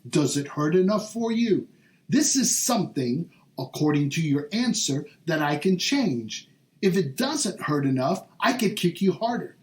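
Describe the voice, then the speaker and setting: A man hosting a vlog, delivering an exasperated, sarcastic comedic rant in a grumbling tone. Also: on the high side. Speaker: vlog host. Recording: roomy echo.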